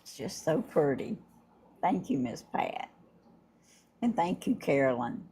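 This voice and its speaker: An older woman, hosting a casual livestream and chatting warmly and effusively with her viewers, laughing often. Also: sits low, sing-song, a little slow, slightly rough. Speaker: livestream host. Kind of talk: casual live chat unboxing gifts.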